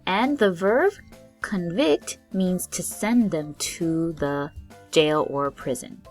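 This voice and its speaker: A woman's voice: on the low side, lively intonation, takes it slowly, faint music behind. A woman teaching English vocabulary to learners, explaining each word patiently in simple terms. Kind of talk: slow, clear classroom explanation.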